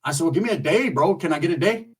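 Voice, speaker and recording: A man with a husky, slightly raised voice tells a story from his own life in loose, profane street slang. He sits a little back from the mic, so his voice sounds somewhat distant, and his telling is lively and animated. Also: on the high side, very fast. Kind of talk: casual storytelling.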